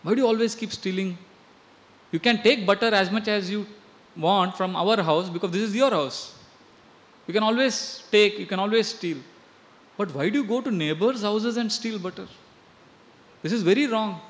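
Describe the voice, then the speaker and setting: A woman's voice: low-pitched, animated, fairly quick, few pauses, fairly bright tone. A man voicing a doting village mother who defends her child and then scolds him. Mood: scolding. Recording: long hall reverb.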